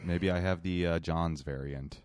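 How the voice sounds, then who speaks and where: A man's voice: sits low, fairly even intonation, unhurried, no echo, studio quality. A man co-hosting a podcast in casual, teasing chat, with a sore throat. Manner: argumentative, teasing, does vocal warm-ups. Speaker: podcast co-host.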